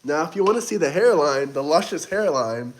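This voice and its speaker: A livestream host reads super chats aloud and taunts his commenters, sweaty and coughing now and then. His voice is fairly high and expressive, and he talks a little fast.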